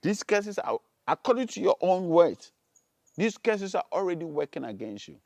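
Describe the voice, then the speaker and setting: A man preaching, reading scripture low and slowly, then rising to loud, emphatic rhetorical questions. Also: sing-song, no echo. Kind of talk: preaching sermon.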